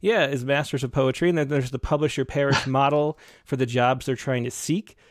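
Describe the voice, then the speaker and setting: A man's voice: medium pitch, steady tone, brisk, dry recording, clean studio sound. A man hosting an interview, speaking thoughtfully and searching for words. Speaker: podcast host. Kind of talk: conversational interview.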